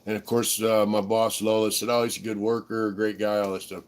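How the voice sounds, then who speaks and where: A man's voice: on the low side, little pitch movement, fairly quick, smooth. A middle-aged man telling rambling, profane stories in casual chat as a livestream co-host. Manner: laid-back, profane, rambling with fillers.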